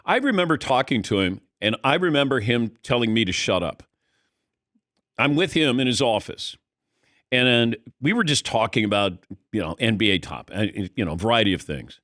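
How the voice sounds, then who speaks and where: Middle-aged male sports talk host, animated storyteller with a wide-ranging voice; close, dry studio sound. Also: medium pitch, moderate pace, no echo. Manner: animated storyteller, acts out quotes, laughs mid-sentence. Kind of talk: casual studio chat. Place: radio studio.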